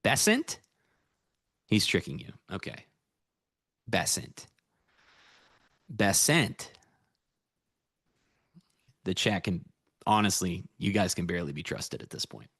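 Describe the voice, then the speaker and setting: A man's voice: low voice, a little slow, long pauses, fairly bright tone, husky, no echo, studio quality. An American man reviewing his trades on a casual livestream, rambling and easygoing as he chats with viewers. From United States. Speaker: futures trader streaming live.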